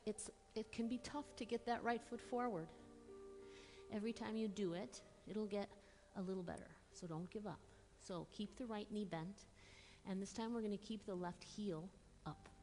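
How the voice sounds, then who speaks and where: A woman teaching a yoga class, giving calm, encouraging step-by-step cues while slightly out of breath. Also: mid-range voice, long reverb tail, a little hiss or hum. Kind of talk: guided yoga class instruction.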